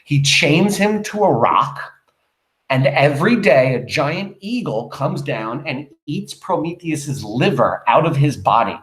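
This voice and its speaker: Animated male teacher in an echoey room. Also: on the high side. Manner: animated, questioning, pauses to explain. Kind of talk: reading a play aloud with commentary for students.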